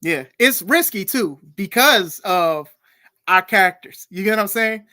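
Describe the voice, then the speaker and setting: Podcast host, man, lively and laughing, close dry mic. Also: high voice, unhurried, dry recording. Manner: animated, laughs often, reads viewer comments aloud. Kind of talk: casual interview chat.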